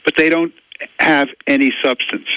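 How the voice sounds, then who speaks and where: A man's voice: fairly high pitch, steady tone, moderate pace, bright, forceful tone, a little hiss or hum. A man in his seventies, an author being interviewed on the radio, answering critics in an emphatic, dismissive way. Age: 70s. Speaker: author guest. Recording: dull dry radio audio.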